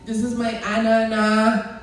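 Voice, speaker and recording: A woman's voice: on the high side, monotone, takes it slowly. Chatty woman emceeing an open mic. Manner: chatty, jokey, laughs easily. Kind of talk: casual emcee banter. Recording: echoey club from a distance, faint room noise.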